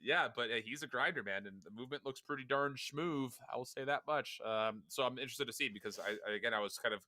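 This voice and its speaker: A man's voice: mid-range voice, quick pace, sharp tone, dry recording. A man working as an esports commentator, laid-back and chatty, laughing often as he talks with his co-caster. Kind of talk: casual game commentary and banter.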